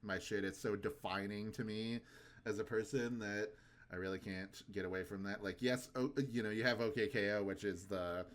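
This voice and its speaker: A man's voice: fairly low pitch, fairly even intonation, normal speed. Young male podcast co-host, laid-back and chatty. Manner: laid-back, quotes cartoon lines in funny voices. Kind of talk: casual chat.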